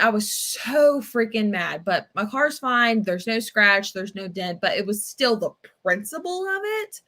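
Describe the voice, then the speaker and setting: A woman's voice: mid-range voice, very animated, a little slow, few pauses, fairly bright tone. A young adult woman hosting a casual livestream, chatting and telling stories in a rambling way with many fillers. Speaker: livestream book-club host. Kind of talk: casual livestream chat and storytelling.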